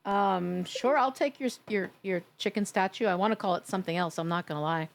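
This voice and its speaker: A woman's voice: medium pitch, brisk, vocal fry. A woman from New York chatting casually and teasingly with her viewers while live-streaming a game, laughing often.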